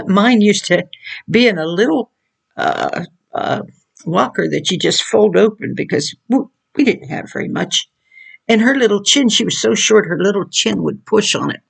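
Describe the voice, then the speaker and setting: A woman's voice: medium pitch, gravelly, slightly rough. An older woman giving earnest, preachy Christian advice on raising children, repeating her points as she goes. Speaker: mother giving parenting advice. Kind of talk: informal Christian teaching monologue.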